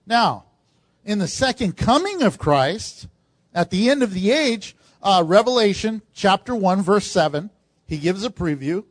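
A man with a high voice preaches a sermon, lively and conversational, slipping into little acted voices for the people he quotes. The sound is dry and close, with no room around it. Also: a little slow, no echo. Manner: animated, acts out quoted voices of congregants. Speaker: pastor.

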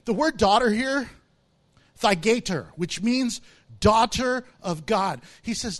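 A man's voice: high-pitched, expressive, unhurried. A man preaching a sermon, explaining words from the text and acting out the voices of people in the story. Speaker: pastor.

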